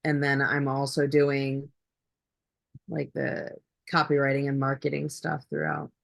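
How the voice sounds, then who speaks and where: A woman taking part as a client on a coaching call, thinking aloud in a halting way and listing her ideas one by one. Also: extremely low pitch, vocal fry, dry recording.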